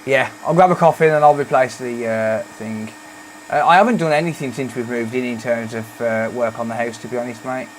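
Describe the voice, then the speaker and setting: A man from the Black Country talks through a repair job on a livestream, answering viewers as he works. His voice sits at an ordinary middle pitch. He is relaxed and chatty, and he calls everyone "mate". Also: a little fast, slight background noise. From Dudley, West Midlands, England. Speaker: repair streamer. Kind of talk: casual livestream chat while repairing.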